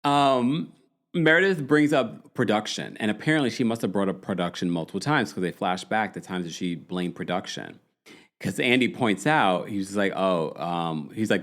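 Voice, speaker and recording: A man's voice: sits low, expressive, moderate pace, a bit bright. A man hosting a podcast, chatting casually in slang and acting out quotes from the people he talks about. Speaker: podcast host. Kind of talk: casual recap commentary.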